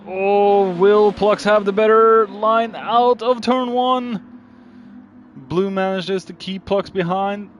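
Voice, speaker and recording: Dude doing live sim race commentary, slow delivery, kinda high voice, gets worked up and yells at drivers, faint hiss behind. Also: male voice, lo-fi sound. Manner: excitable, shouts warnings at drivers.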